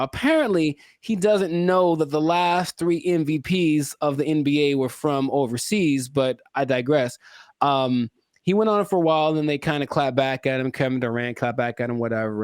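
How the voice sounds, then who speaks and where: A man's voice: medium pitch, moderate pace, clear, resonant tone, dry recording, studio quality. A man hosting a podcast, chatting casually and riffing playfully. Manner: playful, riffing, self-correcting. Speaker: podcast host.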